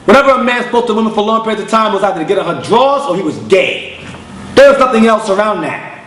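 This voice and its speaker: A man's voice: sits high, lively intonation, fast, a bit bright, echoey room, a little hiss or hum, poor audio. A man, an elder of his congregation, preaching bluntly in street slang and telling stories with acted-out voices. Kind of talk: preaching lecture with storytelling.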